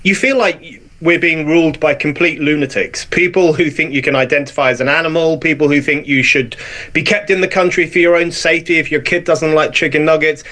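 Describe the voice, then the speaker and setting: A man's voice: on the high side, fairly even intonation, fairly quick, pushed and bright. A male guest on a panel discussion, speaking in an emphatic, exasperated way.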